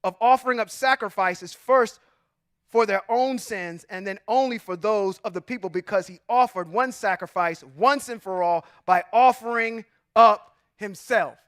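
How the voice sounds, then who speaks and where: Speaking at a moderate pace in a high, fairly bright voice, a religious teacher gives an informal, emphatic Bible lesson. He asks plenty of rhetorical questions, chuckles frequently, and says "y'all" and "come on now," with clean studio sound and no room noise.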